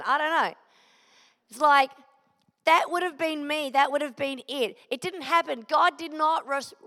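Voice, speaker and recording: A woman's voice: sits high, fairly bright tone. A middle-aged woman giving an earnest sermon, sharing a personal testimony and driving her points home with repeated phrases. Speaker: preacher. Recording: long hall reverb.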